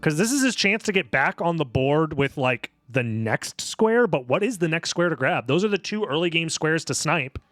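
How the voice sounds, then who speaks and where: Lively jokey male game commentator. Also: on the high side, normal speed, hardly any pauses, no room sound, soft background music. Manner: excitable, rambling and jokey. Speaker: streamer and tournament commentator.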